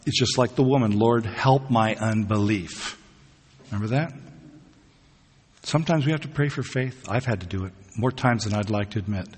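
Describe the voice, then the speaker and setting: Husky preacher in a reverberant hall. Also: male voice, medium pitch, fairly quick. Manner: conversational, asks the congregation questions. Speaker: pastor. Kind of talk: sermon.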